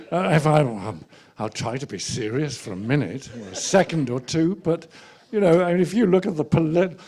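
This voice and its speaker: A man's voice: fairly high pitch, warm tone. A British man talking at a festival panel in a slightly raised voice. He hesitates and mocks himself, with laughing asides. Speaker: actor. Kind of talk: casual panel talk.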